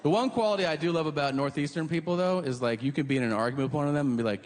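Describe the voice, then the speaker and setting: A middle-aged man performing a stand-up comedy set, animated and acting out characters in silly voices. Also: fairly high pitch, very fast, hardly any pauses. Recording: long hall reverb with audience noise.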